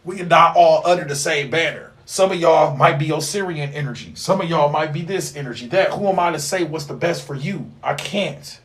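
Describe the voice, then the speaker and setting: A man holds forth on a casual livestream. His voice sits a bit high for a man, and he rambles in a loose, slang-heavy, profane way. He lectures his viewers like a street preacher. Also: a little fast, few pauses. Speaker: livestream host teaching occult class.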